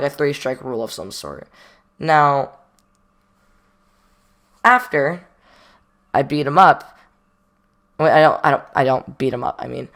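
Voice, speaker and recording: In a fairly bright voice on the high side, a storytime vlogger rambles through a casual tale. He uses plenty of slang, pauses to poke fun at himself, and performs the quoted lines.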